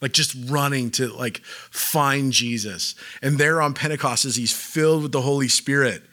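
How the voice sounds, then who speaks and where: A man's voice: medium pitch, moderate pace, pushed and bright. A man preaching a casual sermon, talking conversationally with lots of "like" fillers and acting out quotes as he goes.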